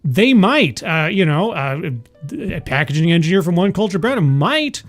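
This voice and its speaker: Sarcastic man with a lively, high-ish voice. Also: normal speed, husky, faint music behind. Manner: sarcastic, mocking asides. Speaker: streamer host. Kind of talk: livestream commentary reading an article aloud.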